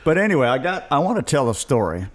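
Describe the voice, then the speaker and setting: A man's voice: on the high side, sing-song, fast talker. Rambling middle-aged storyteller man. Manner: rambling, self-deprecating storyteller. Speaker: guest musician. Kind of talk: casual storytelling chat.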